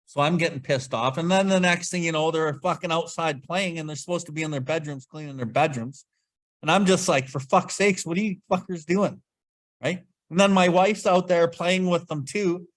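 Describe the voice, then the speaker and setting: A man leading a casual recovery study talk, blunt and swearing freely as he acts out his own past outbursts. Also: a little high. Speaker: podcast host leading Big Book study.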